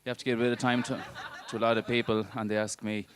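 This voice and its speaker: A man's voice: medium pitch, flat delivery, rapid-fire. A man doing a stand-up set on a club stage, with a dry, pedantic, mock-lecturing delivery. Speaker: stand-up comedian and marine biologist. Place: comedy club stage before a live audience.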